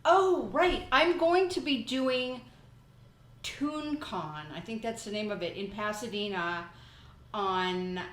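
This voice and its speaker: A woman's voice: medium pitch, animated, takes it slowly, a bit bright, echoey room, a little hiss or hum, low-quality recording. A woman hosting a podcast, talking in a chatty, rambling way and telling stories casually. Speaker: podcast host. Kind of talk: casual chat.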